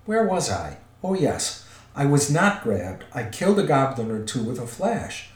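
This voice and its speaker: A man's voice: medium pitch, big pitch swings, unhurried. A man voicing a polite, crafty old male wizard, coaxing and careful, in a roomy recording. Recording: roomy echo.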